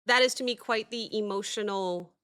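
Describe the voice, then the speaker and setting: A woman hosting a music reaction video, talking reflectively in a halting way with many pauses and fillers. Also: medium pitch, a bit bright, clean tone. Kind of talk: casual reaction commentary.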